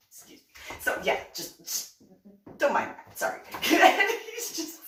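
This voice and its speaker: Giggly excitable lady telling a story, high swoopy voice, echoey room far from the mic. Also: slow pace, pauses often, a little hiss or hum. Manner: giggly and excitable, laughs often. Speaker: vlogger. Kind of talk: animated personal anecdote.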